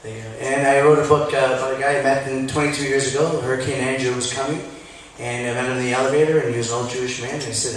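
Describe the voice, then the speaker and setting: A man's voice: mid-range voice, flat delivery, quick pace, slight background noise. A man in the audience telling a long personal story before asking his question, chatty and rambling. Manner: chatty, storytelling, quotes others. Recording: echoey hall, recorded from far off.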